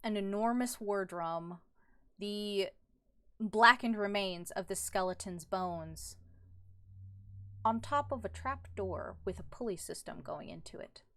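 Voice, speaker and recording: A woman's voice: mid-range voice, takes it slowly, a bit bright. A woman running a tabletop game as dungeon master, playful and giggly, throwing in silly sound effects.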